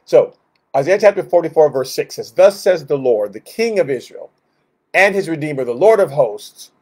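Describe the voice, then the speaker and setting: Guy teaching bible study, kinda high voice, lively, keeps restarting and asking "right?". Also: normal speed. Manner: animated, repetitive restarts, rhetorical questions.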